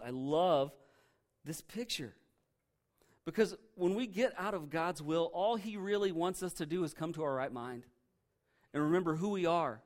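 A man preaching a sermon as pastor, earnest and emphatic, repeating key phrases and dropping softly low on the lines he stresses.

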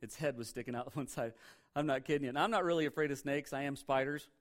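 A male pastor preaching a sermon, reading scripture and telling funny stories in an animated, repetitive way. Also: mid-range voice, fast talker. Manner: animated, jokey, tells stories, repeats for emphasis.

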